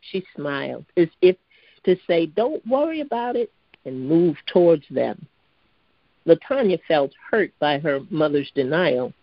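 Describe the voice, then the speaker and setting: A woman narrating a storybook aloud in a steady, even reading voice with occasional stumbles. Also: low-pitched, unhurried, no room sound. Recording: dry, slightly dull lo-fi recording.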